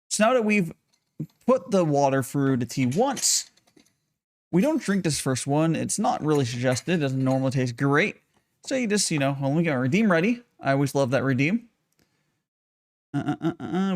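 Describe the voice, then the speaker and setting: A man's voice: mid-range voice, expressive, normal speed. A man chatting casually on a livestream while brewing tea, rambling, greeting viewers and swearing offhandedly. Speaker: streamer brewing tea live.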